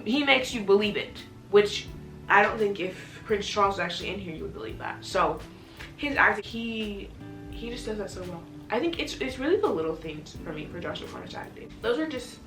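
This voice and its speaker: A young woman chatting excitedly as she reviews a TV series, in a gushing, rambling way. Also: lowish voice. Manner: gushing, chatty, restarts often. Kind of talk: casual chat. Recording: echoey room from a distance, music behind.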